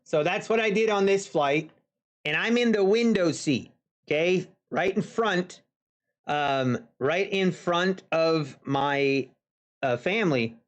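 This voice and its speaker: A man's voice: on the high side, slow pace. A man telling a casual story to viewers of his live trading stream, chatty, with folksy asides. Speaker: futures trader streaming live. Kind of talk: casual anecdote on a livestream.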